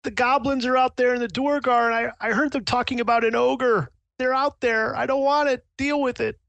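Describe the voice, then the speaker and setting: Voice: mid-range voice, measured pace, vocal fry, fairly bright tone, no echo, pitched above the performer's own voice. A game master doing Trellis, a stammering, frightened young man. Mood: fearful. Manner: stammering, panicky and pleading. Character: frightened young man, a mine owner's party-loving son.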